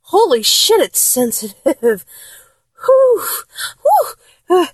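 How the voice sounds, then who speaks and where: Woman VA as a young woman, flustered and blunt, slow and drawn out, lively pitch. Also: no echo, heavily acted. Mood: exasperated. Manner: exasperated, swears a lot, stammers. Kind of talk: one-sided audio role-play.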